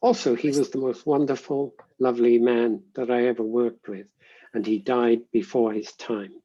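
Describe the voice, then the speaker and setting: A man, a linguistics professor, giving measured, reflective answers in an interview and often pausing to rephrase. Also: medium pitch, fairly even intonation, dark tone, breathy edge, dull audio.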